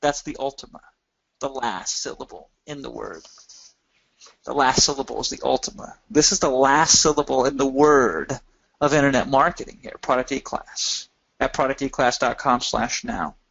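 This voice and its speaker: A man giving an energetic sales pitch in a webinar, with emphatic rises in pitch. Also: moderate pace, creaky, lo-fi sound. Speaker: webinar presenter.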